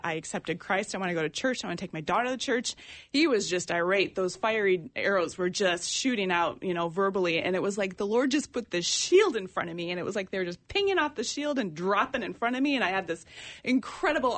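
A woman in her forties telling her personal testimony in an interview, earnest and halting, with many fillers. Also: fairly low pitch, no echo. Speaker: ministry guest sharing testimony.

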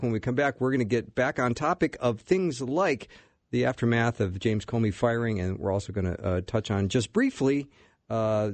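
A man hosting a political radio talk show, briskly leading the segments and saying "uh" often. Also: mid-range voice, a little mellow, no room sound.

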